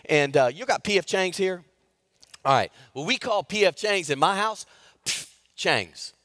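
A middle-aged man preaching a sermon as pastor, telling stories in a folksy way and swinging from loud to hushed. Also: high-pitched, expressive, moderate pace, dry recording, clean studio sound.

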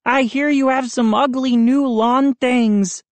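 A woman voicing a brash, teasing boy who bullies and boasts loudly in a storybook reading. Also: high voice, steady tone, slow, dry recording, voice pushed up. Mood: taunting. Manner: loud and boastful.

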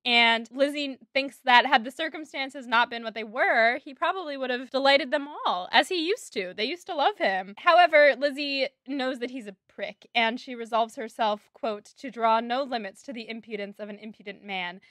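Bright-voiced young woman recapping a book. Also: fairly high pitch, no echo, clean studio sound. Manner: brisk plot recap, laughing easily, sarcastic quotes. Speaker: podcast co-host. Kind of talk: casual book podcast chat.

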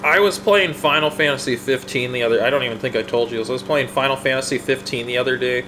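An excitable man chats casually while playing a video game with a friend, his voice rising and cursing when he gets riled. His pitch sits in an ordinary middle range. A steady air-conditioning hum fills the background. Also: fast. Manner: excitable, swears when reliving frustration. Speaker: let's play co-host. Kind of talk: casual gameplay chat.

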